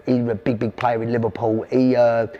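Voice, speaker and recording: A middle-aged South London man tells rambling stories at a rapid clip and keeps quoting his father. His voice sits at an ordinary, mid-range pitch for a man. He sounds like a podcast guest in full storytelling mode. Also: flat delivery, dull audio. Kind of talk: storytelling interview.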